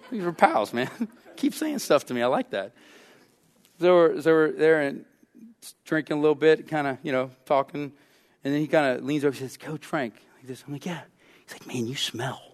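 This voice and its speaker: A man's voice: a little high, lively intonation, normal speed, pauses often, long reverb tail. A man preaching a sermon in a casual, conversational way, often checking in with his listeners. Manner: conversational preaching with frequent "right?" asides. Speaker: pastor.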